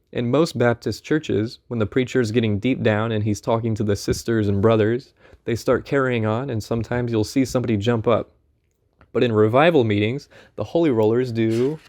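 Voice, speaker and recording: A man reading a first-person memoir aloud in an unhurried, conversational storytelling manner. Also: mid-range voice, darkish tone. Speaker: audiobook narrator.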